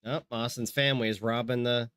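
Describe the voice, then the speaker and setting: A man talks on a live stream in loose, rambling sentences, dropping curses and circling back as he restarts his thoughts. His voice sits at an ordinary middle pitch. The sound is close and dry, with no room echo at all. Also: fairly even intonation, fairly quick, fairly bright tone, smooth. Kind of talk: casual chat.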